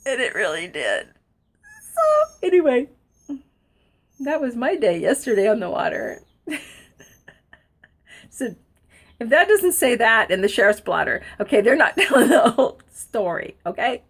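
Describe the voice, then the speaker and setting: A high-voiced middle-aged woman telling a story to camera, her pitch swooping up and down all the time. She is excitable, laughs through her lines and keeps quoting what other people said. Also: unhurried, long pauses. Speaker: vlogger telling a personal story. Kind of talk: animated storytelling.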